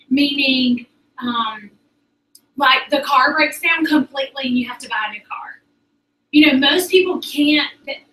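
A woman gives a chatty motivational talk to a group as a sales director, often calling them "y'all". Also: sits high. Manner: chatty, animated, addresses the audience as "y'all". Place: meeting room with an audience. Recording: roomy sound from a distance.

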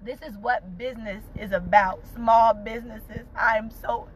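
Her voice is a little high, with fairly even intonation and an unhurried pace. A vlogger and mother of two young entrepreneurs, she cries while talking to viewers from inside a car, fervent and emotional, repeating uplifting phrases. The recording is low quality with slight background noise.

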